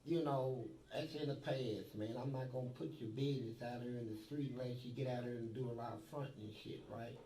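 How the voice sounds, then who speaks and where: A man's voice: medium pitch, steady tone, fairly quick, few pauses, echoey room, recorded from a distance, a crowd in the background, low-quality recording. A man telling blunt, profane stories from prison life in a streetwise way, recorded in an interview.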